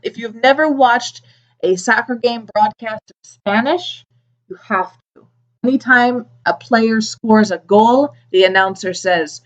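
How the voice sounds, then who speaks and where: A woman teaching English to adult learners, repeating each word slowly and clearly, with small playful asides. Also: a little high. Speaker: ESOL teacher. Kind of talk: slow, clearly enunciated classroom teaching. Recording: slightly dull lo-fi recording.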